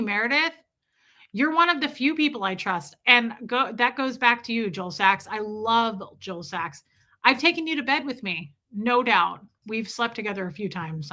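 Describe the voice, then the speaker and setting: Bright chatty woman streamer. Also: on the high side. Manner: chatty, affectionate, answers viewers' comments aloud. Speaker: livestream host reading chat. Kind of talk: casual live-stream chat.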